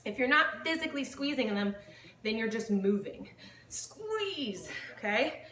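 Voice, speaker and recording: A woman's voice: on the high side, sing-song, measured pace, a bit bright, echoey room, distant mic, slight background noise. A woman fitness instructor leading a home workout, upbeat and counting reps aloud, a little out of breath as she exercises along. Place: home living room.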